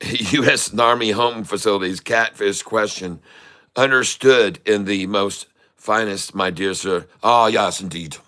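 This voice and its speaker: A man voicing a pompous, genteel English gentleman in a put-on plummy accent, bright-toned. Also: fairly low pitch, fairly even intonation, measured pace.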